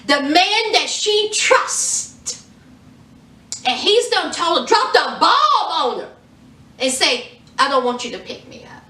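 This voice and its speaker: Animated, sassy woman retelling a show. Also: sits high, distant mic. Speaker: TV show reviewer. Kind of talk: casual commentary vlog. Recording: echoey room, off from the mic.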